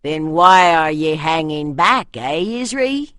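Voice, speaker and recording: Loud, rough warrior man, scornful and brash, in a dry close recording, voiced by a woman narrator. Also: low voice, animated, slow, dry recording, voice pushed down, exaggerated voice. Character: gruff male northern warrior, scornful.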